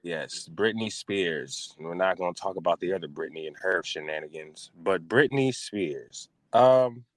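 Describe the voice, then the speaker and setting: A man co-hosting a podcast in casual chat, an animated storyteller whose voice jumps high when he acts out a panic. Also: a little slow, few pauses, no echo. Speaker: podcast co-host.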